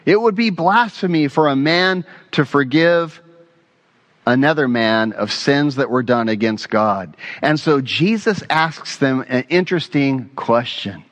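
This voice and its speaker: A man preaching a sermon as pastor, telling stories in an earnest, animated way with casual asides. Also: mid-range voice, unhurried.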